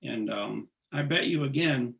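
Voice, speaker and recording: A man being interviewed, talking earnestly and haltingly, often restarting his sentences. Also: mid-range voice, vocal fry, a bit bright, dull audio. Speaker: singer, interview guest. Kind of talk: casual interview conversation.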